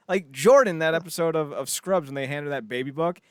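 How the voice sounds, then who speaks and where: A man co-hosting a podcast in casual chat, animated and riffing with silly voices between laughs. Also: on the high side, quick pace, clear, resonant tone, dry recording, studio quality. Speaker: podcast co-host.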